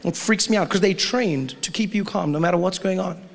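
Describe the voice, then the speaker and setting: A stand-up comedian telling an animated, excitable story. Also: male voice, high-pitched, a little fast, gravelly, big-room sound.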